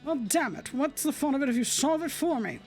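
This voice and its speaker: A condescending male scholar in a game who talks curtly and dismissively, read out by a woman. Her voice stays high and quick, and soft music plays behind it. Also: lively intonation. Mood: grumpy. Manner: curt and dismissive.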